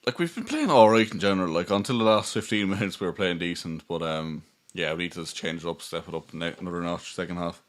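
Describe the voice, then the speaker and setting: A man's voice: low-pitched, fast. A man co-hosting a live football stream, laid-back with dry humor. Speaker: co-host.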